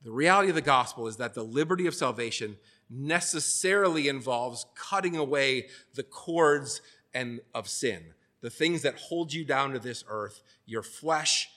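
A man's voice: medium pitch, lively intonation, normal speed, pushed and bright. A man giving a casual, conversational sermon, full of fillers and restarts, who now and then acts out the voices he quotes. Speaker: preacher.

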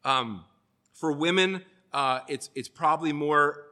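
A man's voice: a little high, unhurried, pushed and bright. A man giving a casual, conversational sermon, full of fillers and restarts, who now and then acts out the voices he quotes. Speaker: preacher.

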